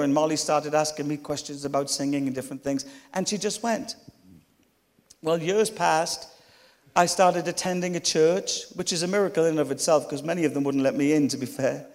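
A man's voice: fairly high pitch, normal speed. A middle-aged man preaching a storytelling sermon, with chatty, humorous asides to the congregation. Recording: long hall reverb.

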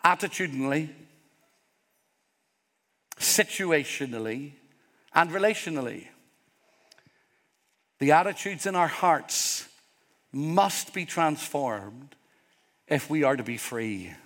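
A man's voice: fairly high pitch, lively intonation, slow pace, pauses often, a bit bright. A Northern Irish man preaching a sermon as pastor, earnest and emphatic, building repeated phrases. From Northern Ireland. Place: church hall with congregation. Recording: long hall reverb.

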